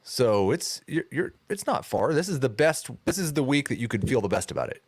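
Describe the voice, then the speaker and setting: Animated male co-host, bouncy pitch, dry mic. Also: brisk, slightly rough, no echo. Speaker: podcast co-host. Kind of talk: casual sports chat.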